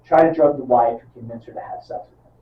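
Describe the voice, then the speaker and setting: With a mid-range voice and a fast delivery, the man swears heavily while co-hosting a relaxed podcast, acting out movie moments as he retells them. He's recorded from a distance in a roomy space, and the dull audio carries a bit of hiss or hum.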